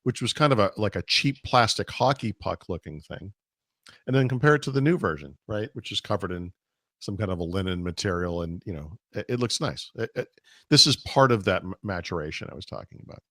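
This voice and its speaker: A man co-hosting a casual tech podcast, losing his voice and clearing his throat, rambling with fillers and restarts. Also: on the low side, animated, a little fast, fairly bright tone, no room sound, clean studio sound. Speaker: podcast co-host.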